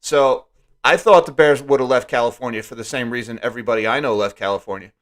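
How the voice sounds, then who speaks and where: A man's voice: mid-range voice, fast, fairly bright tone. Wry joking male streamer. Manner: wry and joking, lots of asides. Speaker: live stream host. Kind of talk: casual joking live stream commentary.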